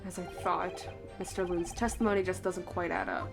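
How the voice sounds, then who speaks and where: A woman reading the calm inner monologue of a thoughtful young male defense lawyer in a lowered voice. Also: moderate pace, music in the background. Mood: musing.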